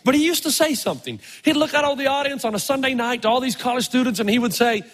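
A man delivers a sermon in a very high, husky voice, stretching words out for emphasis as he tells stories. His voice rings with the long reverb of a large church hall. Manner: animated, drawn-out emphatic delivery. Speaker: preacher. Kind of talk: sermon with storytelling.

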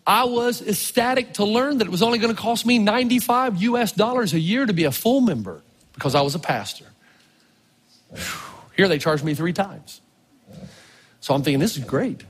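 A male pastor preaching a storytelling sermon, animated, swinging from low murmurs to loud exclamations, with a husky voice. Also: normal speed. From Tennessee. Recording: long reverb of a large hall.

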